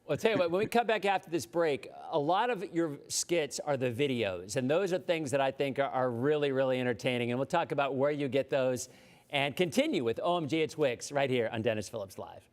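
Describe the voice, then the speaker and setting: A man hosting a live weather show, chatting in an upbeat, talkative way with a guest. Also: mid-range voice. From Florida. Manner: upbeat, talkative, quick asides.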